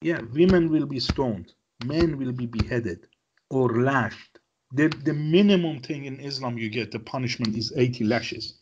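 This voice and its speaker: A man's voice: mid-range voice, unhurried, darkish tone, dull audio, slight background noise. A man from Iran with an Iranian accent, talking as a regular guest in casual chat, in broken English with frequent "yeah?" tag questions.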